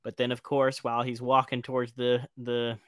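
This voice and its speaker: A man co-hosting a podcast, recapping a show in casual chat and joking with animated storytelling. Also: mid-range voice, moderate pace, clear, resonant tone, no echo, clean studio sound. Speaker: podcast co-host.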